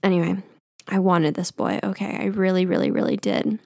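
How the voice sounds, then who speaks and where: A woman's voice: lowish voice, fairly even intonation, a little fast, vocal fry, mellow, no echo, clean studio sound. A young adult woman telling personal stories in a casual, profane, self-mocking way, full of filler words. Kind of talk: casual storytelling monologue.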